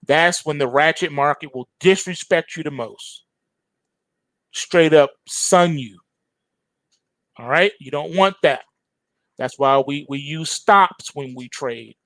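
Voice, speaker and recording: High-voiced man lecturing on trading. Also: slow, pauses often, fairly bright tone, dry recording. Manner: emphatic, preachy, slangy and repetitive. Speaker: trading show host. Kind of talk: market commentary monologue.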